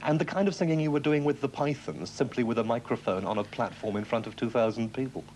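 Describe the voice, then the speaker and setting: A man hosting a television interview, asking questions in a measured, formal way. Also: medium pitch, darkish tone, slight background noise.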